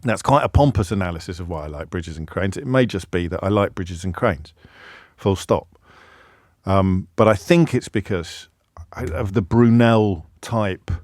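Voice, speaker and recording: A man's voice: sits low, moderate pace, darkish tone, no echo. A middle-aged man from England hosting a talk radio show, rambling and self-deprecating, with many restarts, speaking into a studio microphone. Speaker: radio host.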